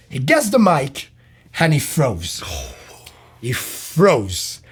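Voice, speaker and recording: A man's voice: on the high side, big pitch swings, moderate pace, creaky, a bit bright, slightly rough. A young man, a comedian, telling a story casually, with lots of laughing, fillers and swearing. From Ireland. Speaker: comedian guest.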